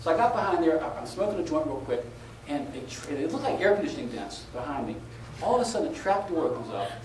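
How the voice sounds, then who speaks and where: Middle-aged male conference speaker, animated storyteller, recorded far off in a noisy, reverberant hall. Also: fairly high pitch, fast. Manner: animated storyteller, laughing at his own story. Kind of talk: live anecdotal talk. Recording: echoey live hall, taped from a distance with noise.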